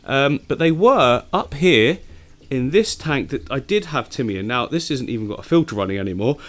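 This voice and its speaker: A man hosting a fishkeeping vlog from his home tank studio, chatting eagerly to camera with frequent laughs, his voice deeper from the early morning. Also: lively intonation, moderate pace. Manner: chatty and enthusiastic, laughs often. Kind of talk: casual chat to camera.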